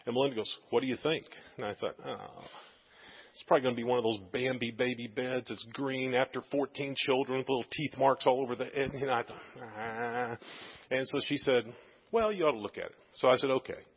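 A man's voice: mid-range voice, brisk, slightly rough. A man preaching, telling a personal story with lots of fillers and quoted dialogue, at times tearful. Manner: animated anecdotal, many fillers. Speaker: preacher sharing a testimony. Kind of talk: sermon storytelling. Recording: dull sound in a reverberant hall.

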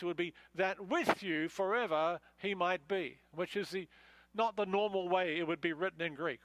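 Male pastor, high voice, dry close sound, chatty Bible teaching with frequent "uh"s. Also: fairly bright tone, no room sound, poor audio. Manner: conversational, many fillers and restarts. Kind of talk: expository sermon.

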